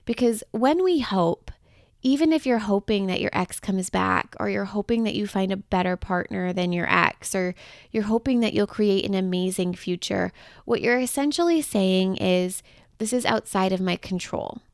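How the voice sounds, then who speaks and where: A woman's voice: medium pitch, normal speed, creaky, no echo, clean studio sound. A woman hosting her own podcast as a breakup coach, talking in a gushing, affectionate, upbeat way, chatty with little laughs. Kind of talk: solo podcast monologue.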